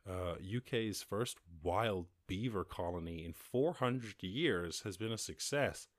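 A man's voice: low-pitched, slow pace, no room sound, studio quality. An Irish man hosting a solo podcast, rambling and swearing with frequent laughs and restarts. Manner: rambling, profane, laughing, self-interrupting. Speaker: podcast host. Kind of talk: solo podcast rant over news headlines.

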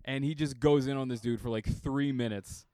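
A man's voice: mid-range voice, steady tone, moderate pace, mellow, smooth, dry recording, studio quality. A man co-hosting a comedy podcast, telling stories in casual chat and acting out quotes. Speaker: podcast co-host.

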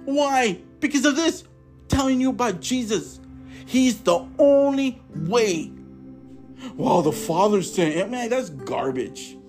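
A man hosting his own podcast, giving a fervent, repetitive testimony that swings between emphatic bursts and quiet asides. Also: very high voice, lively intonation, slow, faint music behind. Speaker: podcast host. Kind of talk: impassioned testimony preaching.

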